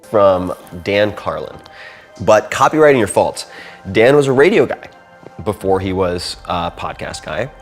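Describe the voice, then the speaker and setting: A man talking casually as an interview guest, telling animated stories and acting out other people's voices. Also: on the low side, unhurried, soft background music.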